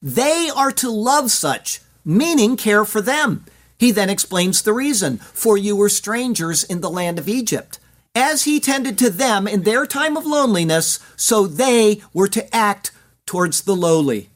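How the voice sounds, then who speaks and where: Measured Bible teacher reading sermon commentary. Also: medium pitch, expressive. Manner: measured, deliberate reading with Hebrew words pronounced; asks listeners directly now and then.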